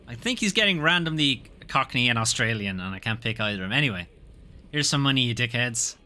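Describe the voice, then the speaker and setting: Bright-voiced man streaming a game. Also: mid-range voice, expressive, fast, a little hiss or hum. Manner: wry, swearing casually. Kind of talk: casual game commentary and reading game text.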